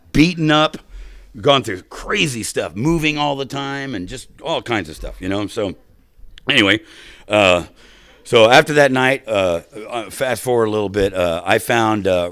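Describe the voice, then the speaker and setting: Man, middle-aged, fairly low voice, dry close sound, lively storytelling at a recovery meeting. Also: no room sound. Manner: animated storytelling with frequent "right?" asides. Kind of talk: personal recovery story to an audience.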